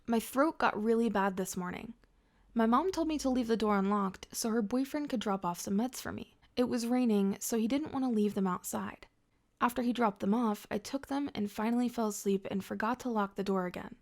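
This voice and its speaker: A woman reading first-person drama stories aloud in a steady scripted narration. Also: a little high, fairly quick.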